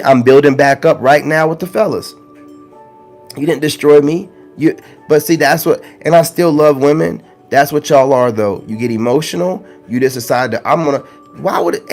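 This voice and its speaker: A man's voice: a little high, a little mellow. A man ranting to his viewers in a blunt, preachy monologue, full of slang and with lines repeated for emphasis. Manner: slangy, conversational. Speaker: spiritual self-help vlogger.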